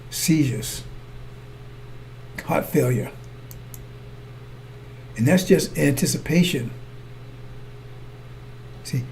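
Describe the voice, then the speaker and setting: A man whose mellow voice sits on the high side preaches amid slight background noise. Circling and repetitive, he keeps asking his brothers and sisters in the congregation to follow along.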